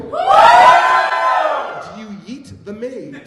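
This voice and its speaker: A man running a tabletop game live at a convention panel, narrating in a playful, animated way. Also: high-pitched, moderate pace, a loud crowd. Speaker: game master. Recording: echoey room, background noise.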